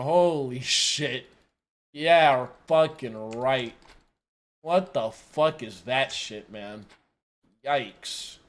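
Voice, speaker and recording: A man streaming live and reacting to a video in casual chat, swearing and venting with frequent "bro" and "dude". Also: mid-range voice. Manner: profane, exasperated outbursts; calls listeners bro and dude.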